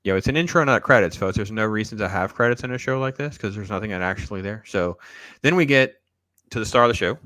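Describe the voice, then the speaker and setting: A man's voice: lowish voice, fast, pushed and bright, no room sound. A man hosting a casual reaction stream, riffing sarcastically and talking straight to his viewers. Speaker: show host.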